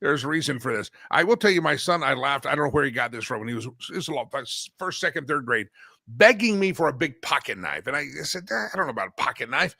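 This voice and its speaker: A man hosting a talk show, telling stories in a lively, animated way with frequent laughs and sudden loud bursts. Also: mid-range voice, fast, creaky, no echo, studio quality. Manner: animated storyteller, laughs often, swings loud. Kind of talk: casual talk show banter.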